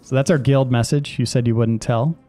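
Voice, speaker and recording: A man's voice: medium pitch, fairly even intonation, fairly quick, warm tone. Male co-host, teasing banter, faint game music behind. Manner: teasing, joking. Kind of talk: casual gameplay banter.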